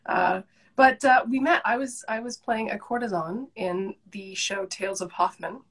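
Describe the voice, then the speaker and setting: A woman's voice: mid-range voice, moderate pace, breathy edge. A young Canadian woman chatting as a guest on a live video call, enthusiastic and talkative. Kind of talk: casual chat.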